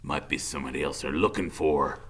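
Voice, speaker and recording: A man voicing a cold, volatile convict father who drawls low and then barks loud threats. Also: a little fast, breathy edge, heavily acted. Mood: menacing.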